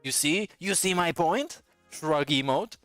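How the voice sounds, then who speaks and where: A man's voice: a little high, lively intonation, measured pace, fairly bright tone, dry recording, soft background music. A man hosting a podcast, giving sarcastic, profane commentary on clips and laughing often. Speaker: podcast host reacting to clips.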